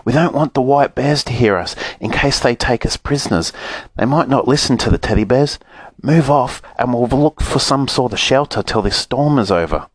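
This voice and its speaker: A man's voice: mid-range voice, moderate pace, no echo, natural voice. A man voicing an anxious, fussy round-faced storybook character. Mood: worried.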